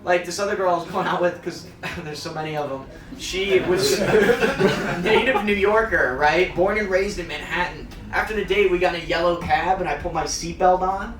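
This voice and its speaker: Recorded from a distance amid roomy club acoustics and audience laughter, a young man from the American Midwest does self-deprecating stand-up and talks with the crowd. He speaks at a moderate pace in a high voice.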